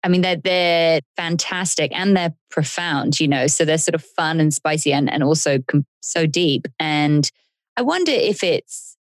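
A woman's voice: low voice, no room sound, studio quality. A woman hosting a podcast, asking curious, reflective questions and sharing her own experience. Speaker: podcast host, psychotherapist. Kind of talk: interview conversation.

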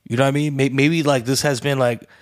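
A man's voice: mid-range voice, fast talker. Profane storytelling man, "bro" every line. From Mexican heritage. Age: adult father. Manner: profane, peppers speech with "bro"; animated storyteller, acts out voices with laughter. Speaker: podcast co-host. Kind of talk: casual chat.

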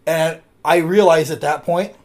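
A man's voice: fairly high pitch, steady tone, measured pace, darkish tone. A man co-hosting a podcast, telling a rambling personal story in casual chat and swearing freely as he goes. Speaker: podcast co-host.

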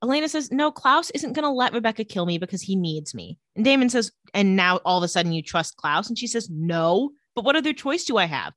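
A woman in casual chat, walking through a TV episode scene by scene. Her voice swings up and down in pitch. It sounds dry and close, with no room around it. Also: very animated, a little fast, hardly any pauses, a bit bright, dry recording. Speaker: podcast co-host recapping a TV episode.

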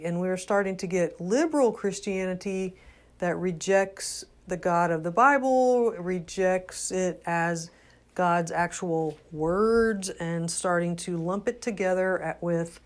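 Older lady talking religion real slow, lowish voice, keeps restarting her sentences. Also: a little mellow. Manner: earnest, halting, with many restarts. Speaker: religious commentator. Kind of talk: unscripted religious talk.

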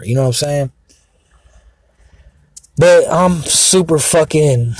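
Agitated man ranting profanely; husky, dry, mid-pitched. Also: a little mellow, dry recording. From Mexican heritage. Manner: profane, agitated, rambling with many fillers. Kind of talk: rambling profane monologue. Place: outdoors, sitting in a car.

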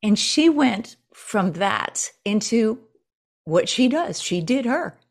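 Animated woman coach telling stories. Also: slow. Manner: animated storyteller, acts out quotes with big pitch jumps. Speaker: presentation coach, guest. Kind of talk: casual interview chat.

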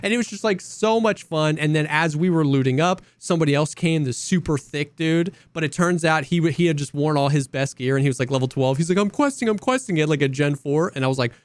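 A young man co-hosting a podcast, telling stories in a lively, animated way and acting out quotes. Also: on the high side, quick pace, hardly any pauses, dry recording. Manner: animated storyteller, acts out quotes. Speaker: podcast co-host. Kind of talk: casual chat.

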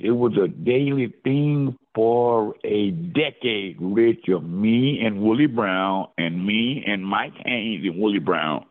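Gravelly older man telling stories over a phone line. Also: fairly low pitch. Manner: animated storyteller who keeps addressing the host by name. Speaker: interview guest, former football player. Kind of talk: storytelling in a casual interview.

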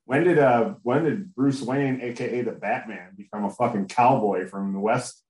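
Male podcast host, animated and profane, roomy recording. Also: mid-range voice, moderate pace. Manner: animated, excitable, swears freely. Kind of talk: casual chat. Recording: roomy echo.

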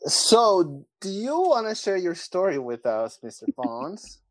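A woman co-hosts a podcast with playful, dramatic reactions. Her voice is very low for a woman, but it moves widely and expressively in pitch. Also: very animated, a little slow, low-quality recording. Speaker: podcast co-host. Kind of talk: casual chat.

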